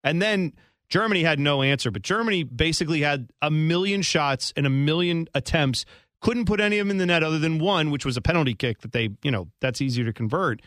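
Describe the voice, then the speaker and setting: A man's voice: a little high, lively intonation, a little fast, a bit bright, dry recording. A man hosting a sports radio show in casual talk, dry and playful, stretching out his questions and explaining games at length. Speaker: radio host.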